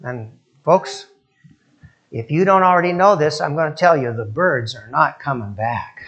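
An older man preaching a sermon, telling stories and leading prayer, moving between soft, hushed passages and loud, emphatic ones. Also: on the high side, lively intonation, a little slow.

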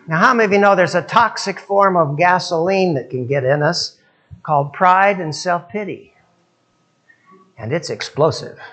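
A man's voice: high-pitched, moderate pace, a bit bright, low-quality recording. A male preacher giving a sermon, telling stories and asking his listeners questions. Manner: storytelling, acts out quoted voices, asks audience questions.

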